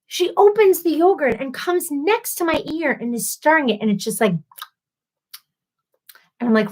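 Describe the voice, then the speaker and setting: A woman in her thirties hosting a casual live stream, ranting in an animated, exasperated way and acting out quoted voices. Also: high voice, normal speed.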